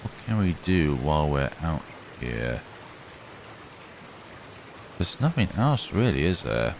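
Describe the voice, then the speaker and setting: Slow-talking man playing a game. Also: a bass voice, sing-song, slight background noise. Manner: slow, musing, reads game text aloud. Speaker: gamer. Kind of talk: let's play commentary.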